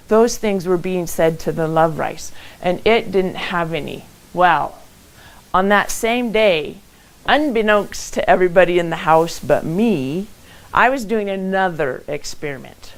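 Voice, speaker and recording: Give me a middle-aged woman host giving an animated motivational talk from her own home. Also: lowish voice, unhurried, rough recording. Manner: animated storytelling with acted quotes. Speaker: motivational speaker hosting a live event. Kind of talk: live-streamed motivational talk.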